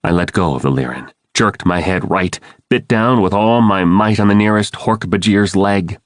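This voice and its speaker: A man's voice: low voice, normal speed, no echo. A man giving urgent, dramatic first-person audiobook narration into a close studio mic.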